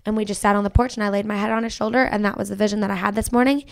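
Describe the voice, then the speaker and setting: A woman's voice: mid-range voice, steady tone, rapid-fire, gravelly, no room sound, clean studio sound. A young woman, a podcast guest and country singer, talking earnestly about her faith and saying "like" a lot. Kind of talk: casual faith conversation.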